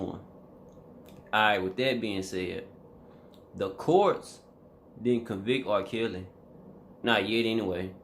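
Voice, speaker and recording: A man's voice: fairly low pitch, a little hiss or hum. A man vlogging a casual reaction commentary, emphatic and slangy, talking straight to his viewers.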